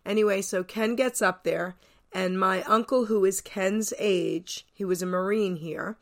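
A woman's voice: medium pitch, unhurried. A woman from New Jersey hosting a radio show, telling stories in a chatty way with eager exclamations. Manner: chatty storyteller, enthusiastic exclamations. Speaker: radio host. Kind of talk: casual radio interview.

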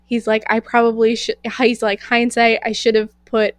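A woman's voice: a little high, normal speed, no echo. Young woman telling a story, full of "like". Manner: animated, fillers of "like", acts out quoted lines. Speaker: podcast co-host. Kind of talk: casual storytelling chat.

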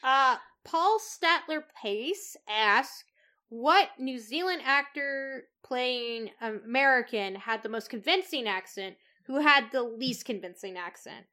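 A woman's voice: high-pitched, animated, takes it slowly, sharp tone. A woman co-hosting a podcast in casual chat, reading listener questions in a laid-back way. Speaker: podcast co-host.

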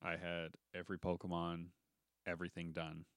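A man's voice: deep voice, completely flat delivery, normal speed, smooth, dry recording, studio quality. A young man co-hosting a podcast in casual, joking chat, rambling and laughing. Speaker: podcast co-host.

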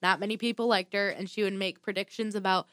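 A woman's voice: mid-range voice, steady tone, fast talker, fairly bright tone, no echo. A woman tells a true crime story in a loose, chatty way. She reads through her notes, stumbles now and then, and drops in blunt, profane asides. The sound is dry and close. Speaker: podcast host telling a true crime story. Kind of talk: casual storytelling chat.

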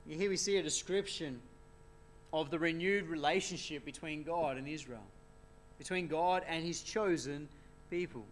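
A man's voice: on the high side, normal speed, a little hiss or hum. A man preaching an expository sermon in an earnest way, often asking rhetorical tag questions.

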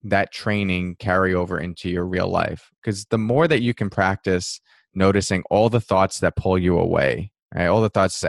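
A low-pitched man talks casually and thoughtfully, slipping into quick mock voices for restless inner thoughts. The sound is close and dry, with no room around it. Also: creaky, no room sound. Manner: relaxed, reflective, acts out inner thoughts with laughs. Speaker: mindfulness teacher, guest. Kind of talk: conversational interview answer.

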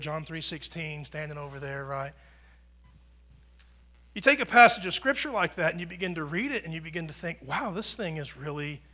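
Man, pastor, sermon; slightly high, bright voice; conversational, dynamic delivery. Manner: conversational preaching, rises and drops in volume for emphasis. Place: church.

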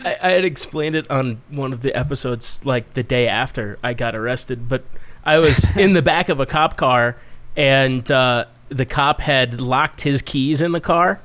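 A man's voice: medium pitch, normal speed. A man casually telling stories about lockpicking and being arrested, swearing often and laughing along. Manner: profane, animated anecdotes with laughter. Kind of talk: casual storytelling chat.

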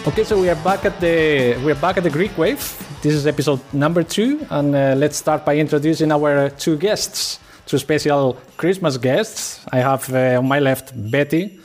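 A man's voice: fairly high pitch, normal speed, few pauses, faint music behind. A man hosting a podcast, chatting casually with some hesitations. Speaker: podcast host. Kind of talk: casual chat.

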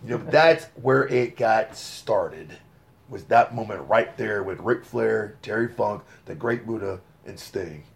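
Gravelly, excitable man. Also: on the low side, unhurried. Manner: excitable storyteller, lots of fillers. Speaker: interview guest. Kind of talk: casual podcast interview.

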